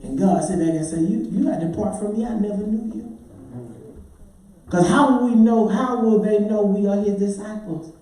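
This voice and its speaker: Man, pastor, sermon, acts out voices, shouts and sings, mellow tone, reverberant hall. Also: high-pitched, moderate pace. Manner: animated preaching, acting out congregants' voices, with shouts and sung phrases. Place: church sanctuary. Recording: echoey church heard from far off.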